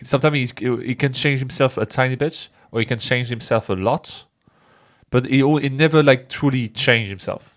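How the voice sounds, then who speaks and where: A man's voice: mid-range voice, normal speed. A man co-hosting a casual film podcast, hesitant and searching for words, with nonstandard English grammar. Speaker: podcast co-host.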